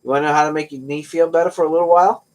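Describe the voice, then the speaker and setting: A man's voice: on the high side, fairly even intonation, racing. A middle-aged man hosting a livestream, chatting casually with viewers and telling rambling, joking stories. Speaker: livestream host.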